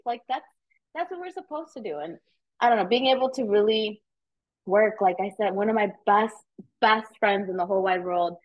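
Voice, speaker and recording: Woman guest, animated and casual, mid pitch, slightly muffled podcast sound. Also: normal speed. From United States. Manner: animated storytelling, swears casually. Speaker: realtor guest. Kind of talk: casual interview chat.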